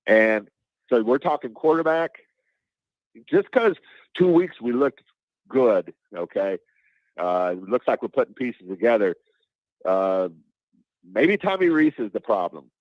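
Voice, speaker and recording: A man calling into a sports talk show, rambling and halting, often restarting his sentences. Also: mid-range voice, animated, no room sound. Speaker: caller. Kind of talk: casual call-in chat. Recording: dull dry phone line.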